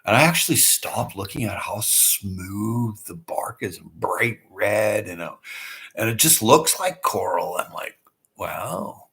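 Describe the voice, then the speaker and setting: A middle-aged man with a fairly low voice talks through a casual livestream, answering viewers. His delivery is loose and folksy, looping through fillers, repeated starts and asides. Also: animated, unhurried, fairly bright tone. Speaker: livestream host. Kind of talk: casual chat reading viewer comments.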